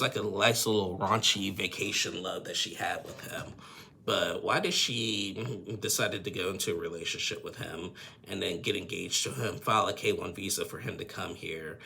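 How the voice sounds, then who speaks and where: A man's voice: deep voice, gravelly, bright, forceful tone, slight background noise. A man giving a rambling, opinionated casual recap of a TV episode, often tacking on "and stuff and everything".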